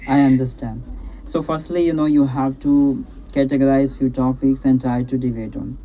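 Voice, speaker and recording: A man's voice: mid-range voice, little pitch movement, moderate pace, dark tone, lo-fi sound, a little hiss or hum. A man coaching a learner on a call, encouraging and repetitive, often checking in with "right?". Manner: encouraging, repetitive, peppers speech with "right?" and "you know". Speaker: English speaking coach hosting a practice call. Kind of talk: casual advice chat on a call.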